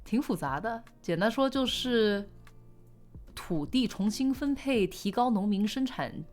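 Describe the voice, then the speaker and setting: A woman's voice: mid-range voice, animated, a little slow, darkish tone, soft background music. A woman streamer chatting casually on a livestream, rambling with lots of filler words and reading viewer chat aloud, sometimes in Mandarin.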